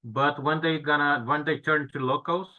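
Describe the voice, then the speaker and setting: A man's voice: fairly high pitch, steady tone, normal speed, phone-quality sound. A man from Brazil, a student in a casual video call chat, speaking in brief, plain, agreeable phrases.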